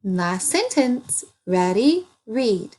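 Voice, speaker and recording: A woman teaching an early reading lesson, speaking slowly and sounding out words for young children. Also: mid-range voice, big pitch swings, darkish tone, husky.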